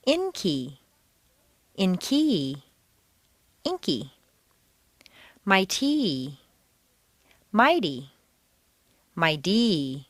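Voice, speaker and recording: Woman, American accent, pronunciation lesson, lively intonation, very dry recording. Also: fairly low pitch, very slow, pauses often, dry recording. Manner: carefully enunciated, exaggerated intonation. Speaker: accent instructor. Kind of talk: slow, deliberate pronunciation drill.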